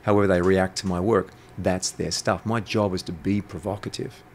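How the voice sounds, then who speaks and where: A man's voice: low-pitched, steady tone, moderate pace, slight background noise. A man, a guest telling stories in an interview, blunt and provocative, swearing freely. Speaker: guest, intuitive coach. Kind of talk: storytelling interview talk.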